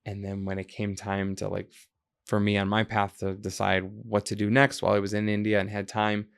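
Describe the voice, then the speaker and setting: A man from the United States speaks as a podcast guest, with a low, gravelly voice. He talks reflectively and drifts into stories. He animates the people he quotes. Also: monotone, a little fast. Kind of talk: conversational interview.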